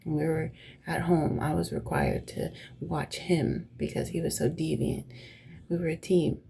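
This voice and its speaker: A woman's voice: sits low, a little slow, gravelly, warm tone. A young woman host telling personal stories in a casual, blunt, profane way, often dropping to a near whisper. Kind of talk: casual storytelling chat.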